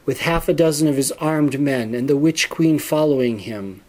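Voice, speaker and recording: A man narrating a storybook in a steady, measured reading voice. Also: on the high side.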